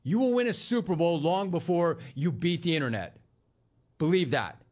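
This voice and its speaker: Punchy male radio host, slightly high. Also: big pitch swings, moderate pace, a little mellow. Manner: emphatic and punchy, repeats lines for effect; addresses listener directly and bluntly. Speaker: sports talk radio host. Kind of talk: talk radio monologue.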